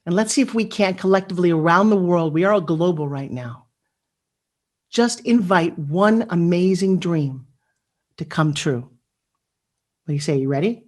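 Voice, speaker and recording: With a fairly low pitch, a slightly slow pace and long pauses, a middle-aged woman delivers a motivational speech by video call from her living room. She tells earnest, intimate stories that build up to rallying cheers.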